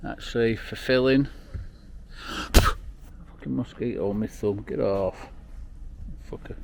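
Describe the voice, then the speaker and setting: A man records a casual travel vlog outdoors on a handheld camera. He talks slowly in a gravelly voice, rambling and emotional and swearing now and then. Faint background noise sits under his voice. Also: medium pitch. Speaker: overland travel vlogger. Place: outdoors at the end of a road.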